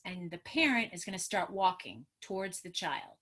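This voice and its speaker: A middle-aged woman, a trauma therapist, giving an animated, emphatic webinar talk on a video call and acting out what parents and children say. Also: on the low side, moderate pace, hardly any pauses. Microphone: computer mic on a video call.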